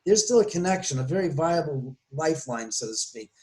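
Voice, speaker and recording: Casting: man with a somewhat high voice, forceful and argumentative, podcast guest. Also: expressive, fairly quick, low-quality recording. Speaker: paranormal guest. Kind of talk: emphatic podcast talk.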